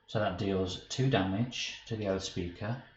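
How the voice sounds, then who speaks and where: A deep-voiced man streams a live card game at a measured pace, thinking through his moves aloud and getting flustered and self-mocking whenever he slips. The stream audio is dull and roomy with faint hiss.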